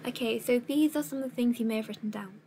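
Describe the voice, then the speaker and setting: A woman teacher giving a recorded lesson in clear, measured instructions, with an occasional filler. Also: fairly high pitch, mellow, a little hiss or hum.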